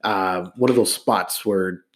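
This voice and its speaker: A middle-aged man from Los Angeles, a musician, telling stories in a relaxed, casual interview. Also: deep voice, slow pace. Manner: relaxed storyteller, many fillers and restarts. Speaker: guest musician.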